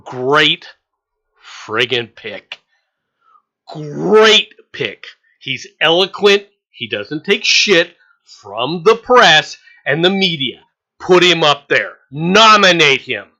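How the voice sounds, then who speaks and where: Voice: medium pitch, big pitch swings, takes it slowly, sharp tone, rough recording. A political commentator ranting in a sarcastic, mocking way, hammering points home with repetition and scornful laughter. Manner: emphatic, repeats points over and over.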